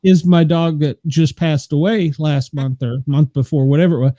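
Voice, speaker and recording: A man's voice: fairly high pitch, fairly even intonation, normal speed, mellow, no echo, studio quality. An older man hosting a chat show, telling rambling stories and laughing often. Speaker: podcast host. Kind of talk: casual chat.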